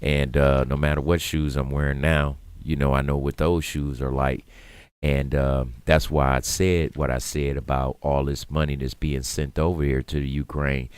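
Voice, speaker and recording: Deep-voiced Detroit man ranting on air. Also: normal speed, clean tone, no room sound. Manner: animated, rising to loud emphatic rants; streetwise slang, laughs through hard talk. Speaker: radio show co-host. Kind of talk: casual talk radio monologue.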